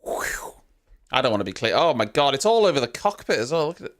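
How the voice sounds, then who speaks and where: A man's voice: medium pitch, big pitch swings, fast, a bit bright. A man hosting a live stream, giving casual reaction commentary with chatty, teasing banter and casual swearing.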